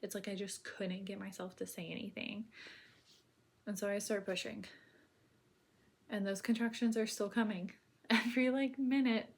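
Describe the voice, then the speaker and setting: A woman telling her own birth story in casual, rambling speech full of filler words, now and then dropping to a soft near-whisper. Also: mid-range voice, steady tone, moderate pace, pauses often.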